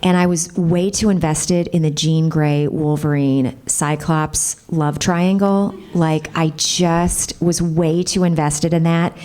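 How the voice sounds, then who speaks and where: A voice actress chatting bubbly and gushing with fans at a convention panel. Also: female voice, low-pitched, steady tone, slow, hardly any pauses, mellow.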